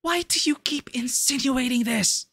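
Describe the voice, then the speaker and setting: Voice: sits high, a little slow, vocal fry, fairly bright tone, husky, no echo, pitched above the performer's own voice, heavily acted. A streamer reading the lines of a hurt young adult daughter in a game, pleading and defensive.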